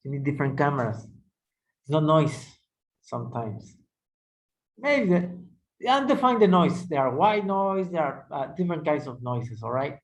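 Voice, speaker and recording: First-language guy lecturing, kinda high voice, keeps saying all right?, echoey room. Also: very animated, normal speed. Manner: conversational, repeats "all right?" to check understanding. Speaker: instructor. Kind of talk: technical lecture.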